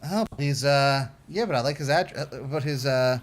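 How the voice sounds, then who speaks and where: A man calling in over a radio link, chatting casually with lots of hesitant fillers and gentle teasing. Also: mid-range voice, moderate pace. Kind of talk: casual chat.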